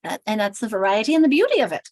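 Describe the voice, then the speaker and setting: Here an American teacher trainer presents a workshop, articulating each word with great care and modeling sounds out loud. She speaks in a mid-range voice, very animated and rapid-fire. The recording has no echo but sounds rough.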